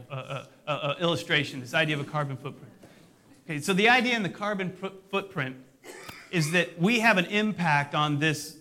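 Middle-aged male pastor, high bright voice, conversational sermon with light self-deprecating humor.

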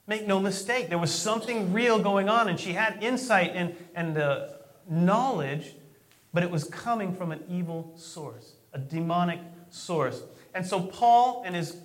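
A male pastor preaching with a high voice, relaxed and conversational as he retells a story. He often stumbles and repeats a word before pressing on. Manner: conversational, storytelling, repeats words when starting. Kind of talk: sermon.

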